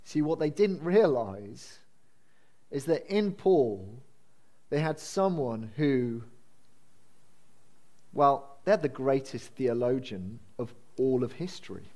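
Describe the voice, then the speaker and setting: A man's voice: medium pitch, expressive, takes it slowly, pauses often, a little mellow. A man preaching a sermon in a conversational, self-deprecating storytelling way with frequent fillers. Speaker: pastor.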